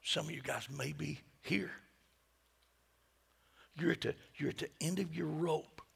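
A middle-aged male pastor preaching a sermon, moving between hushed whispers and loud, emphatic peaks. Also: on the high side, a little slow, vocal fry, breathy edge.

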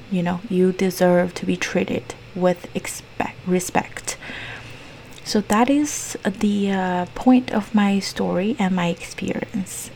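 A woman with a Mandarin accent talks to her viewers in a fairly low voice with a gravelly edge. She speaks earnestly and reflectively and often slips into soft, near-whispered asides. A faint hum of noise sits under her voice. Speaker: vlogger. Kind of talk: personal storytelling to camera.

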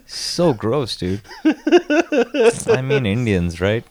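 A man's voice: mid-range voice, a little mellow, a little hiss or hum. A man co-hosting a comedy podcast, rambling through stories and laughing often. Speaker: podcast co-host. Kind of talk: casual comedic chat.

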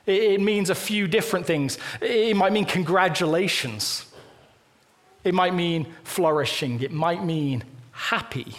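A man preaching a sermon in a church, talking in a conversational, animated way and acting out little quoted lines. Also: high voice, unhurried. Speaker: pastor. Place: church auditorium.

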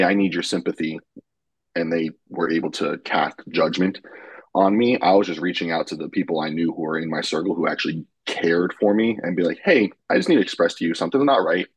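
A young man from New York with a low, husky voice talks candidly as a podcast guest. He swears freely and fills his pauses with ums. The sound is dry and close. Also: dry recording, poor audio. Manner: frank and swears casually, with frequent um fillers. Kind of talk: casual candid chat.

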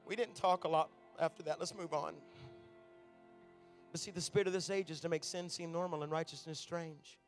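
A man preaching a sermon to a church crowd, telling stories and building up to shouted, fervent climaxes. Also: a little high, steady tone, normal speed, soft background music. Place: church auditorium.

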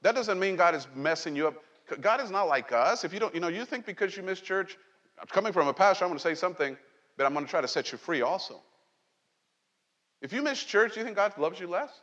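A man pastor delivers a loose, conversational sermon in a slightly high voice, joking and asking the congregation questions. The sound is dull and muffled, and it rings with a long reverb in a big church hall. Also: fast. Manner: conversational, animated preaching with jokes and asides. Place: church sanctuary.

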